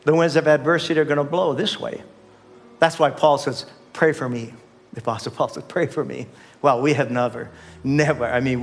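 An older man preaching a sermon as pastor, emphatic and repetitive, often calling on the congregation to respond. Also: on the high side. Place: church sanctuary.

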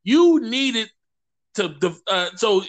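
A man whose voice sits high talks at a slow pace as a guest on a podcast. It's casual conversation, and he's an animated storyteller who acts out what others said.

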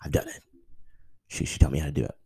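Excitable man with a deep, gravelly voice. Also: fast talker. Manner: excitable, stammering, swears a lot. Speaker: podcast host. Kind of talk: casual podcast monologue.

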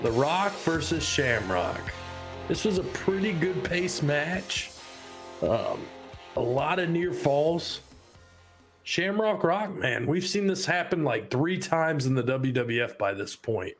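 Male podcast co-host, casual and profane, slightly high voice, light music bed. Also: animated, slow. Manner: laid-back, swears, laughs often. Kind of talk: casual wrestling review chat.

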